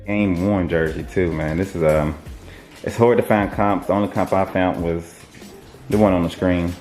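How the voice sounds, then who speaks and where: A young man chats through his haul at an easy, rambling pace, dropping slang as he goes. His voice sits a little on the low side. Soft music plays faintly underneath. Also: steady tone, normal speed. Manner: laid-back, rambling, slangy. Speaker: online reseller showing his haul. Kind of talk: casual haul video.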